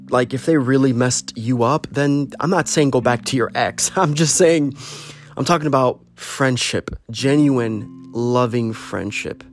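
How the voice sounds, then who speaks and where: An earnest man talks straight to the camera in a rambling, heartfelt monologue. His voice sits at an ordinary middle pitch and he pleads gently. Faint guitar music plays behind him.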